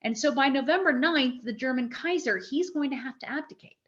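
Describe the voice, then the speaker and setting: A woman giving a live history lecture to an audience, talking in a conversational, animated way with frequent restarts. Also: high voice, fairly quick, muffled recording.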